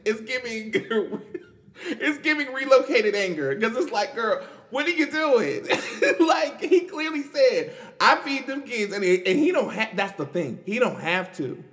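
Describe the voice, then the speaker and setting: High, lively man laughing through commentary. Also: normal speed. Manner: animated, laughs often, repeats "girl" and "like". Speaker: podcast host. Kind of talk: casual commentary.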